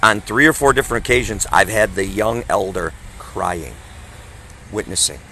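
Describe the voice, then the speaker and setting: A man's voice: lowish voice, lively intonation, moderate pace, pushed and bright, slight background noise, rough recording. A man in his fifties, a traveling evangelist, preaching emphatically in conversation and repeating his phrases. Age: 50s.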